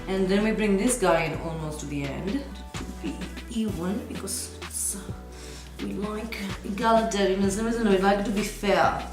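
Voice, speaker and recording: A woman's voice: mid-range voice, normal speed. Playful woman in an echoey kitchen. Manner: playful and chatty, half-singing some words. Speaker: home cook presenting a recipe. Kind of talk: casual cooking vlog chat. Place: home kitchen. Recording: very echoey kitchen with background music.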